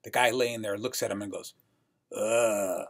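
A man's voice: on the low side, steady tone, fast, a bit bright. A man co-hosting a podcast in a casual, upbeat and enthusiastic way. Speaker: podcast co-host.

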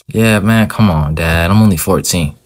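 A fourteen-year-old boy, voiced by a man, talks to his father in loose street slang. The voice sits very low for a kid. It plays out in an amateur animated skit. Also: moderate pace, close to an everyday voice. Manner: casual slang-heavy teen talk. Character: teenage boy, fourteen, casual slangy son. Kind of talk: amateur animated machinima role-play.

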